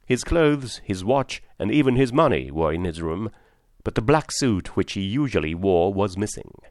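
A man narrating a story aloud in a measured, formal manner. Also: lowish voice, animated, darkish tone, dry recording, clean studio sound. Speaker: audiobook narrator. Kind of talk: scripted narration.

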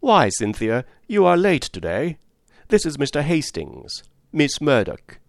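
A man's voice: fairly high pitch, wildly swooping pitch, unhurried, creaky, no room sound, clean studio sound, pitched above the performer's own voice, full character voice. Man playing a fussy, bossy old lady. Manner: fussy, commanding. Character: bossy elderly lady of the house.

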